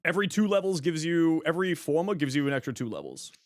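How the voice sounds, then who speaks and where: Guy streaming, chatty and laid back, kinda high voice that jumps around a lot, dry close mic. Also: lively intonation, fast, no echo. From Toronto, Canada. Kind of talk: casual livestream chat answering viewers.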